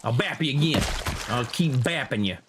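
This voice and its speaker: A man giving casual gameplay commentary in a low, muttering, laid-back way. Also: lively intonation, normal speed, noisy background. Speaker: gamer.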